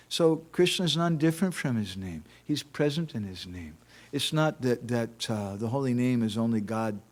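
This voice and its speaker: A man's voice: medium pitch, breathy edge. Guy lecturing at a temple, chatty storytelling, keeps tossing in rhetorical questions. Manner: conversational, asks rhetorical "huh?" questions. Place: temple hall.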